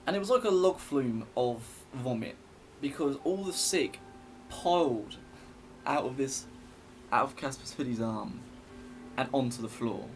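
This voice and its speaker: A man's voice: medium pitch, expressive, a little slow, pauses often, slight background noise. A young man telling a story in a casual vlog, rambling and chatty with many fillers and restarts.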